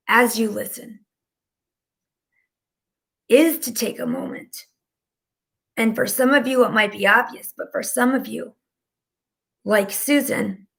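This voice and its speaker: On a live stream, a woman whose voice is on the high side and creaky rambles casually as a spiritual channeler. Her talk is chatty and packed with "like".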